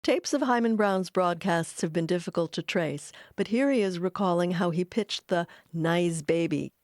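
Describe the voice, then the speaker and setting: A woman's voice: on the low side, normal speed, darkish tone, dry recording, clean studio sound. Woman narrating a documentary.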